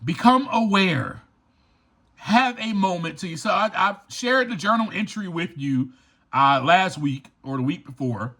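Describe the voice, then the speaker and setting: Slow, animated male podcast host. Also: high voice. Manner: emphatic and preachy, repeats key lines. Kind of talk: motivational recovery podcast talk.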